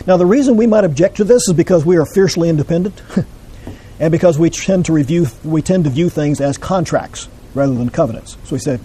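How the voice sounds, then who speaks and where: Husky, mellow male Bible teacher; measured, explanatory delivery to a class. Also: a little high, poor audio.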